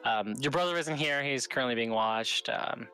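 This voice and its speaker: A man's voice: medium pitch, normal speed, sharp tone, faint music behind. A man narrating as game master, loose and rambling, with many fillers.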